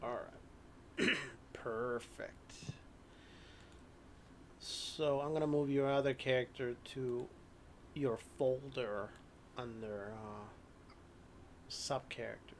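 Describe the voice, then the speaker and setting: A man narrating as game master of a tabletop horror game, unhurried, with many ums and frequent throat clearing. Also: medium pitch, steady tone, slight background noise.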